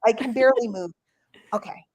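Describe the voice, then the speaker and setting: A woman's voice: fairly high pitch, fairly quick, darkish tone, a little hiss or hum. A woman from New York hosting an online call in casual, rambling chat. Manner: chatty, rambling, playful.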